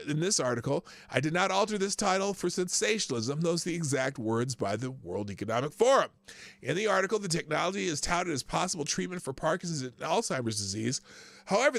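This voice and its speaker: A man hosting a live news commentary stream, excitable and sarcastic, often breaking into laughter. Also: a little high, vocal fry, no room sound. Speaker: host of a live news show.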